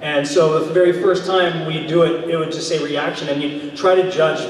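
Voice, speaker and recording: High-voiced man telling a story in a hall. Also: steady tone, normal speed, a little hiss or hum. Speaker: voice actor panelist. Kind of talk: convention panel anecdote. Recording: echoey convention hall, distant mic. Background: crowd.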